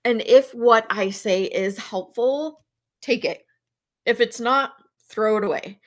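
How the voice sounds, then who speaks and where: A woman's voice: a little high, slow. A woman hosting a mental health talk show alone, speaking in a casual, chatty way and laughing at herself. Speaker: podcast host.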